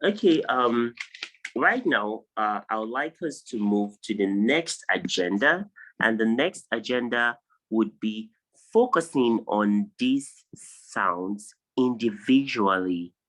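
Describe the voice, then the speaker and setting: Slow-speaking Nigerian man tutoring pronunciation. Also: fairly low pitch, animated, a bit bright, rough recording. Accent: Nigerian English. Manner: patient, drills each word with repeated examples. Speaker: English tutor. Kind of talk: online pronunciation lesson. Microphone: video call.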